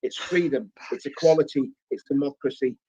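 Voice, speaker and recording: A man's voice: medium pitch, a little fast, mellow, husky. A man with a northeast English accent talking politics earnestly, repeating phrases to build his point. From northeast England. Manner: earnest, repetitive, building emphasis. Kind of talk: political talk, earnest appeal. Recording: dull lo-fi clip.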